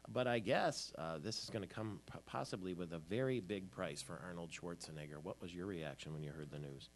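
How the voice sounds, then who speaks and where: A man's voice: low voice, a little fast, a little hiss or hum. A man hosting a morning show, chatting casually about the news with frequent fillers. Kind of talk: casual chat and news talk.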